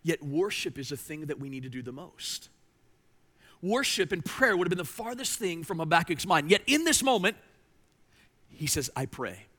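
A male pastor delivers a sermon in a high, bright voice. He preaches with emphasis, rising loud and dropping to a hush, repeating words when he presses a point. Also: very animated, moderate pace.

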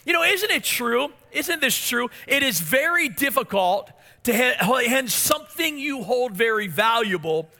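High, bright-voiced male pastor preaching. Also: unhurried, hardly any pauses. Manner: storytelling, animated, asks the congregation questions. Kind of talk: sermon.

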